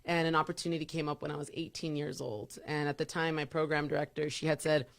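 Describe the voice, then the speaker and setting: A woman in her thirties with a deep voice, a radio personality chatting as a guest and laughing easily. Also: little pitch movement, fast, gravelly. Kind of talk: casual interview chat.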